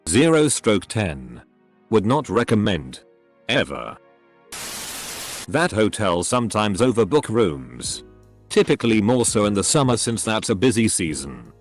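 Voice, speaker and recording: Low, lively male narrator reading posts. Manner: even, steady reading, voices symbols and emoticons literally. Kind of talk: scripted narration. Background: faint background music.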